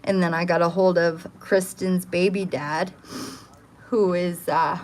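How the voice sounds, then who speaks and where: A woman's voice: lowish voice, fairly even intonation, unhurried, a little mellow, a little hiss or hum. A woman talking on a phone livestream from her home kitchen, swearing often and ranting in a heated, agitated way. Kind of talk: casual livestream chat.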